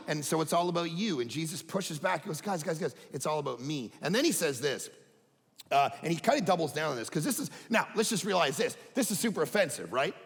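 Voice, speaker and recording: A man preaching a sermon as pastor, animated, swinging between loud emphatic bursts and low quiet asides. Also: gravelly. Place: church sanctuary. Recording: church hall reverb.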